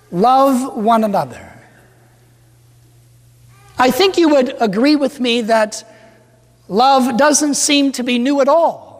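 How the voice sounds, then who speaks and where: Playful high-voiced priest in echoey church. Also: male voice. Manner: playful, joking, leads the congregation in chants. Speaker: parish priest. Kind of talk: sermon with a call-and-response cheer. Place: large church with a congregation. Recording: echoey church with crowd behind.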